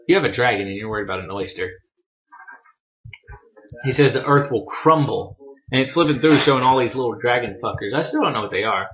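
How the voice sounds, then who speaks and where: A man's voice: mid-range voice, lively intonation, a little fast, pauses often, fairly bright tone, highs cut off. A young man chatting casually through a manga chapter review, rambling, swearing freely and poking fun at himself.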